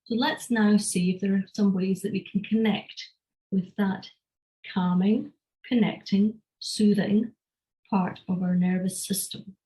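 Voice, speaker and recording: A woman teaching a live online class, calmly explaining and guiding a breathing exercise. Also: medium pitch, rough recording. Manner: calm, measured explanation. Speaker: energy health teacher. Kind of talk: online lecture with guided breathing.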